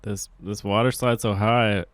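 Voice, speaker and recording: Nervous evasive guy played by a man, short hesitant lines, flat smooth voice. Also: fairly low pitch, measured pace, no room sound, natural voice. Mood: plain. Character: nervous young man dodging with fake names. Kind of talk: improv comedy scene.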